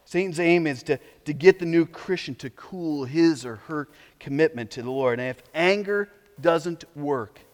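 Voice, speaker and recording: A man preaching a sermon as pastor, animated, sometimes mocking the voices of opponents. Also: fairly high pitch, long reverb tail.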